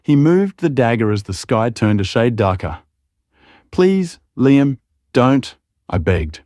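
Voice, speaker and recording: Guy reading a dark romance audiobook, low voice, dead dry close mic, pushes his pitch up for the dialogue. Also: dry recording. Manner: acts out dialogue with raised, strained pitch. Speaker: audiobook narrator. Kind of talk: dramatic audiobook narration.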